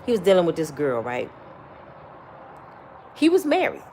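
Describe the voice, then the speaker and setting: Blunt, animated woman giving advice. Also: low-pitched, normal speed, a little hiss or hum. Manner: blunt, preachy, profane storytelling. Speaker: vlogger giving life advice. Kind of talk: casual advice chat.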